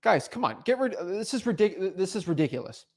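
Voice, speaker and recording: This man's voice is high and very animated, moving a little fast. He's hosting a livestream as a real estate wholesaling coach, speaking off the cuff in a blunt, teasing manner with plenty of stumbles and repeated words.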